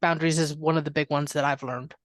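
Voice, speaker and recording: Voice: mid-range voice, fairly even intonation, quick pace, no echo, studio quality. A podcast co-host in casual conversation, listening attentively, agreeing and asking reflective questions.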